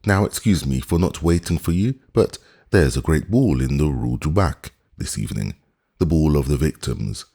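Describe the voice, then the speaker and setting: A man voicing a proud, gossipy wig maker in an audiobook, theatrical and fawning, in a very deep, husky voice. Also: expressive, moderate pace, mellow, heavily acted. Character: fussy old-regime male wig maker, proud and gossipy.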